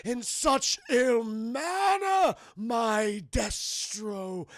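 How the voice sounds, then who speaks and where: A man putting on the voice of a grandiose, scheming male villain, with drawn-out theatrical declarations. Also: very high voice, expressive, a bit bright, dry recording, studio quality, pitched above the performer's own voice, exaggerated voice.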